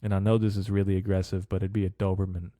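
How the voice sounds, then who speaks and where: A man's voice: sits low, flat delivery, quick pace, warm tone, dry recording, clean studio sound. A young man hosting a podcast, rambling casually and cursing constantly. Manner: loose, profane, rambling with frequent "bro" and "dude". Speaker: podcast host.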